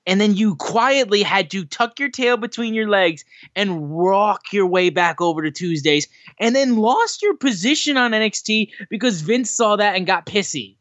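A man's voice: sits high, expressive, normal speed, few pauses, fairly bright tone, no echo, dull audio. A man co-hosting a casual wrestling podcast, ranting in a heated, emphatic and profane way. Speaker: podcast co-host.

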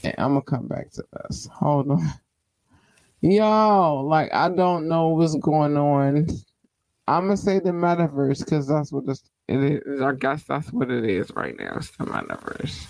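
A woman hosting her own podcast, talking casually in slang and giving affectionate shout-outs to her listeners. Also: deep voice, unhurried, no room sound, poor audio. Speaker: podcast host. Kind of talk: casual solo podcast chat.

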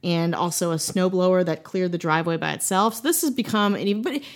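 A woman's voice: on the low side, fast talker. A woman from Wisconsin hosting a podcast, telling a ghost story in a casual, playful way with joking asides. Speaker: podcast host.

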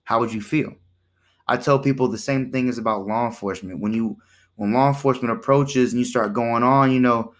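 A man talks through his podcast in a loose, conversational monologue at an ordinary middle pitch. He keeps it animated, checks in with the listener, and slips into other voices for the exchanges he retells. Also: fairly quick. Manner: animated, acts out quoted exchanges in shifting voices; conversational, with repeated "right?" and "you know". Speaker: podcast host.

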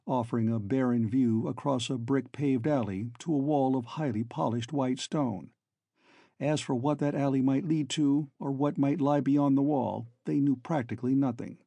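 A man narrating an audiobook in a measured, steady reading. His voice is gravelly and husky with a dark, mellow tone, and the sound is dry and close. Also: medium pitch, no echo. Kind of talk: scripted narration.

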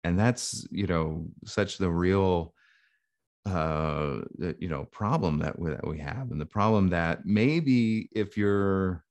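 Deep-voiced man musing in casual chat. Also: slow, a little mellow. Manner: thoughtful, rambling, frequent restarts. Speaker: podcast co-host.

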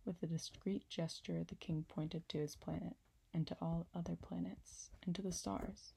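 A woman narrating a storybook chapter in a calm, measured reading. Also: fairly low pitch, vocal fry, slight background noise, rough recording. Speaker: audiobook narrator.

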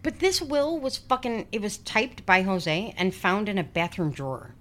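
A woman's voice: mid-range voice, animated, moderate pace, fairly bright tone. A woman in her forties telling a true-crime story on a casual podcast, blunt and sweary with sarcastic asides. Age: 40s. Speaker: podcast host.

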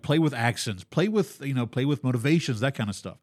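A man hosting a casual tabletop gaming podcast, telling lively stories with quick restarts and asides. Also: mid-range voice, dry recording, studio quality. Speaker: podcast host.

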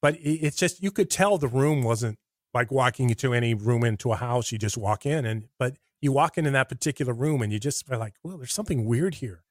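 A middle-aged man with an American Midwest accent, a radio personality telling rambling, animated stories in a conversational interview. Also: mid-range voice, a little fast, no echo, studio quality. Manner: rambling, animated anecdotes with acted-out quotes. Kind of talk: conversational storytelling.

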